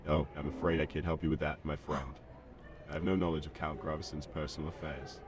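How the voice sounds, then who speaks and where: A text-to-speech male voice playing a pompous circus lion tamer in a game, formal and dismissive. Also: quick pace. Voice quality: very deep, flat, formal. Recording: game audio with music behind.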